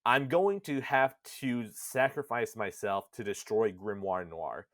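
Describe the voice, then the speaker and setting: A dry, self-deprecating talking book from a video game, as a man puts him on while retelling a scene. He speaks low, slow and resigned. The recording is close and dead. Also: a bit bright, no echo.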